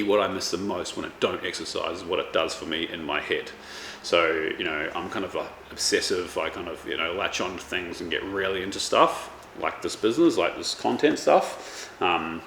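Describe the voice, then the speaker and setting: With a low, creaky, slightly bright voice, a male chef and vlogger in his thirties talks in a casual, rambling way. Ums and restarts pile up throughout, and the room sounds echoey with faint background noise.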